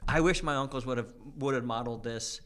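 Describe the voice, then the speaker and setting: Male podcast host, mid-range voice, eager and fast-talking. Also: medium pitch. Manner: excitable, fast bursts, says dude a lot. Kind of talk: casual chat.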